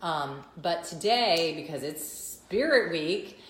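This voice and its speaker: A woman, co-hosting a casual chat with quick, chatty asides. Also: on the low side, animated. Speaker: podcast co-host. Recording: echoey room with faint noise.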